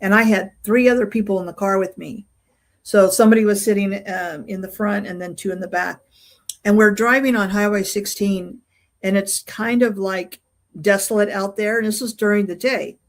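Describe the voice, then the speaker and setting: An older woman speaking at an average pitch as an interview guest. She tells a personal story in a casual, unpolished way. She stops often on filler sounds and restarts her sentences. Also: steady tone. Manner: halting, full of fillers and restarts while recounting. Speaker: interview guest, UFO investigator.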